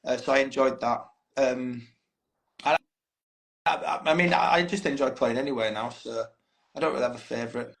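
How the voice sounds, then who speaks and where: A man's voice: medium pitch, fairly even intonation, normal speed, creaky, fairly bright tone, low-quality recording. A man, a band's frontman, talking candidly and swearing freely as a guest in a casual podcast interview. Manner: chatty, candid storytelling, swears freely, says "mate" a lot.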